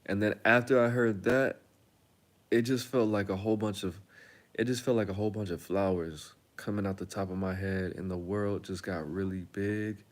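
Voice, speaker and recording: A young man telling his own story in a casual, animated, slangy way, with dramatic turns. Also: on the low side, moderate pace. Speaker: storytelling video host.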